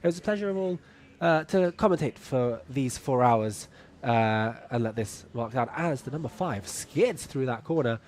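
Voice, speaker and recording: A man's voice: mid-range voice, lively intonation, normal speed, a little mellow. A man giving live motorsport commentary in a polite, wry manner as he wraps up his shift. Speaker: race commentator. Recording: faint ambient noise.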